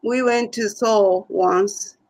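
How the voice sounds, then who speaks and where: A woman's voice: medium pitch, steady tone, slow pace, a little mellow, poor audio. A woman co-hosting a casual livestream with her son, teasing and laughing often, with phrasing. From Japan. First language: Japanese. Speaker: co-host, the host's mother.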